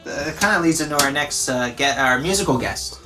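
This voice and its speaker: A woman's voice: animated, brisk, music in the background, low-quality recording. Rambling, laid-back woman podcast co-host. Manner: rambling, drops into low asides. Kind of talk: laid-back comedic banter.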